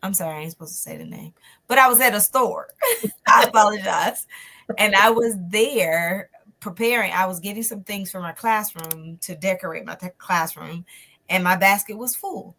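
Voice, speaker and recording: A woman's voice: mid-range voice, normal speed, creaky. A woman guest telling a personal story in a conversation, acting out the people in it. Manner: animated, acts out the people in her story.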